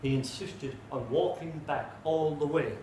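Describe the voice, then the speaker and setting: A man with an Irish accent telling a folk tale live in an animated way, full of comic asides. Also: on the high side, measured pace, roomy sound, slight background noise, rough recording. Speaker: storyteller.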